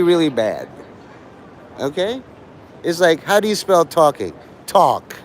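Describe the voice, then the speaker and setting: Male streamer, taunting teacher manner, lively pitch, faint traffic hum. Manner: lecturing, taunting, mock-teacherly. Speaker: livestreamer. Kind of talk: casual livestream chat.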